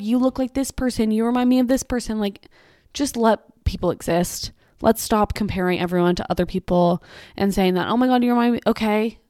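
A woman's voice: mid-range voice, a little mellow, no room sound, studio quality. A young woman hosting her own podcast, chatting casually and ranting about pet peeves, swearing and saying "like" a lot. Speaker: podcast host. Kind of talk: casual solo podcast chat.

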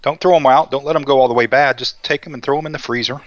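A man's voice: mid-range voice, fairly even intonation, quick pace, dull audio, a little hiss or hum. A man co-hosting a cooking show, chatting in a folksy, easygoing way. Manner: folksy, chatty, tells jokes with voices. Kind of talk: casual cooking talk.

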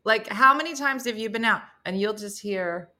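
A woman's voice: mid-range voice, moderate pace. A woman with a New Jersey accent hosting a casual live-stream morning show, joking and laughing as she reads viewer comments aloud. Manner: animated, joking, laughs often.

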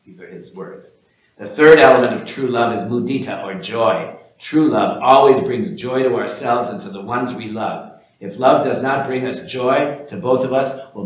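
A man teaching an informal spiritual talk in a gentle, musing way, speaking to listeners by name. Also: mid-range voice, heavy reverb, low-quality recording.

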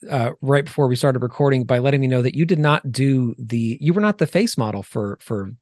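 A man's voice: medium pitch, a little fast, darkish tone, dry recording, clean studio sound. A man co-hosting a podcast, asking meandering interview questions with frequent restarts. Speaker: podcast co-host.

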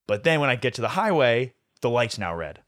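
A young man hosting a podcast, telling a story in a profane, animated way. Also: medium pitch, brisk. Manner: profane, animated storyteller who swears often. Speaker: podcast host. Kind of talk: casual storytelling chat.

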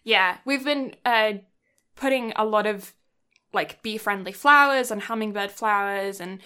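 A woman's voice: medium pitch, a little slow, sharp tone, smooth. A young woman co-hosting a podcast in casual chat, rambling with lots of fillers and giggles. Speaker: podcast co-host.

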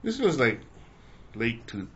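A man co-hosting a podcast in casual chat, opinionated and animated. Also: mid-range voice, a little slow, muffled recording, slight background noise. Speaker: podcast co-host.

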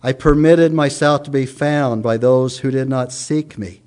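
A middle-aged man preaching a sermon, rising to loud declaiming and dropping to hushed tones. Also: a little slow. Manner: dramatic, swings from loud raised declaiming to hushed low tones.

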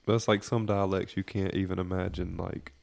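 A man's voice: low-pitched, fairly quick, creaky. A man in loose, profane casual chat among friends, laughing often. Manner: animated, swearing, laughs often.

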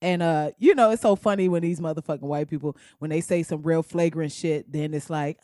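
A woman's voice: medium pitch, lively intonation, brisk, a little mellow, dry recording, clean studio sound. A woman commentator delivering a blunt, profane comedic rant, slipping into mocking voices.

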